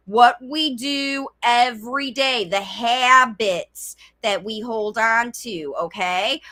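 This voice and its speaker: A woman's voice: a little high, pushed and bright. A middle-aged woman coaching parents in a chatty live-streamed talk, often speaking in a child's voice. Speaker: speech coach.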